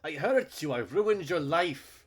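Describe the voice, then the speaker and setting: Man doing a guilt-ridden uncle, deep voice, self-pitying, anguished. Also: steady tone, moderate pace. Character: guilt-ridden self-loathing middle-aged uncle, male.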